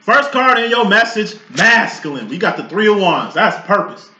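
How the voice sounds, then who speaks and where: A man in his late thirties talks through a tarot spread in loose, profane tangents. His voice sits high and sounds sharp and forceful, bursting into loud outbursts, with a roomy echo around it. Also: sing-song, moderate pace. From Chicago. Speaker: tarot reader. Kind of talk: casual tarot reading talk.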